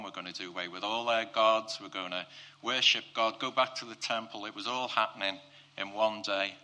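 In this sermon, a man relates a Bible story as if chatting, his delivery shifting back and forth between soft, low passages and loud, excited peaks.

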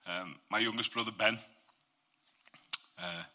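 A man sharing his Christian testimony in an informal faith talk. His voice sits a little low, but its tone is very bright and cutting. He talks earnestly and conversationally, often turning to the listeners to draw them in. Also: fairly even intonation, a little slow.

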